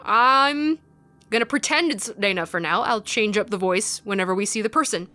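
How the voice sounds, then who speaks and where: A woman playing a video game and chatting about it, excitable and chatty. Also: mid-range voice, normal speed, faint music behind. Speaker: let's player. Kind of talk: game commentary.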